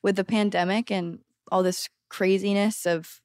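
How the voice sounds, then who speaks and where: Brief: twenties woman, lively storyteller, heavy "like", curses freely, dry room. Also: medium pitch, normal speed, no room sound. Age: 20s. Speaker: podcast guest. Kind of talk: casual chat.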